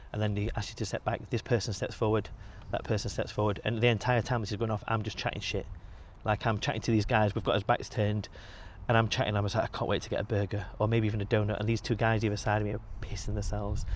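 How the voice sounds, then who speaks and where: Man, young adult, rapid talker, slightly low voice, faint background noise. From England. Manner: swears freely, animated storytelling. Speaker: podcast guest, bodybuilder. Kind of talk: casual storytelling.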